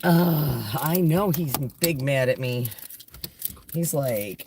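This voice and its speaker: A middle-aged woman hosting a casual live stream from inside her car, chatting and slipping into high baby talk for her dog. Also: expressive, takes it slowly. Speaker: livestream host. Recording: distant mic with loud car noise.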